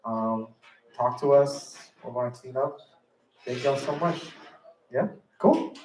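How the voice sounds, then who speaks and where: A man hosting a poetry open mic in a cafe, chatty and loose, giving slangy shout-outs to the crowd. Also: medium pitch, slow pace, a little hiss or hum. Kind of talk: casual event hosting. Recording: echoey room, mic far off.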